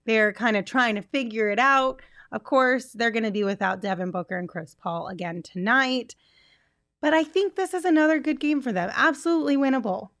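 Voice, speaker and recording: A woman's voice: a little high, fairly bright tone, no echo, studio quality. Upbeat woman sports co-host. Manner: upbeat, brisk, reads reports smoothly. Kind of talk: casual sports chat.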